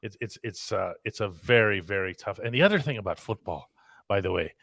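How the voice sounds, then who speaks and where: A man's voice: fairly low pitch, animated, brisk, gravelly, fairly bright tone, no room sound, clean studio sound. A man co-hosting a casual sports talk show as a sports columnist, speaking in an articulate, wry way and reading out listener questions.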